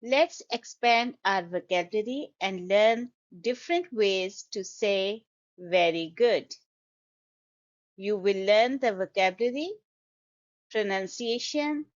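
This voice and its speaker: A woman teaching English vocabulary, pronouncing each word slowly and carefully, syllable by syllable. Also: medium pitch, highs cut off. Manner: slow, careful, syllable-by-syllable pronunciation. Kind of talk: pronunciation lesson.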